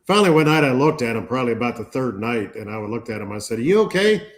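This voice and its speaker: A man's voice: medium pitch, fast talker. A man telling a funny travel story in a casual, laughing way as a guest on a show. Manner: animated, laughs as he tells it. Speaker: panel guest.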